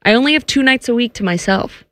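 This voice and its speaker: A female sports radio co-host with a highish, lively voice, chatty and quick to defend herself. The sound is dry and close. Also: dry recording. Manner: chatty, defensive, laughs easily. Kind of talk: casual studio banter.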